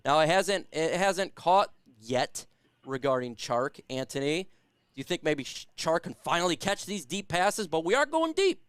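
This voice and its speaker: A man's voice: on the high side, measured pace, a bit bright, clear, resonant tone, no room sound. A man hosting a casual sports live stream who hypes the chat and reads out viewer comments. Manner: hypes chat, reads super chats aloud.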